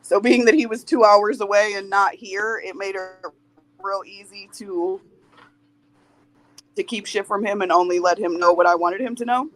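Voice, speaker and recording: A woman's voice: mid-range voice, fairly even intonation, moderate pace, fairly bright tone, rough recording. A woman in her forties, a podcast guest speaking candidly in a blunt, plain-spoken way and swearing freely. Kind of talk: candid interview talk.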